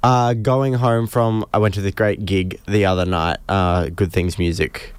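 Hesitant man, low voice. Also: fairly even intonation, unhurried, clear, resonant tone, no echo. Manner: hesitant, rambling storyteller. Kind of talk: casual chat.

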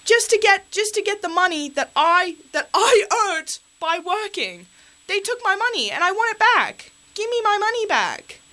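A woman's voice: very high-pitched, sing-song, moderate pace, pushed and bright. A young Australian woman hosting community radio, ranting on air into a studio microphone with an exasperated, rambling delivery full of fillers.

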